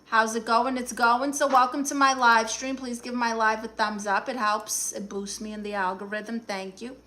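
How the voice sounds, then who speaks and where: A woman playing a brassy, sassy aunt from Brooklyn who poses as a therapist, with a New York accent, firing back quick comebacks as she reads viewer comments aloud on a phone live stream. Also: a little high, flat delivery, bright, forceful tone. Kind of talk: comedic improvised live stream.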